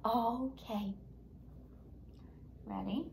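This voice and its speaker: A woman teaching a phonics lesson to young children, sounding out letters slowly and with exaggeration, and prompting and praising the class in an upbeat way. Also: fairly high pitch, creaky, darkish tone.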